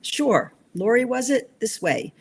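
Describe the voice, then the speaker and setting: A woman's voice: fairly high pitch, very animated, measured pace, a little hiss or hum, voice pushed up. A woman voicing a charming, teasing young British male soccer coach while reading her novel aloud. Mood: cheery. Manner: cheery and teasing.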